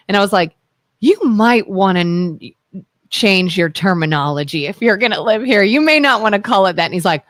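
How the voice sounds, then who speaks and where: A woman co-hosting a casual talk radio show, telling stories in a chatty way and chiming in with quick agreement. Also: mid-range voice, expressive, dry recording. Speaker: co-host. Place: radio studio.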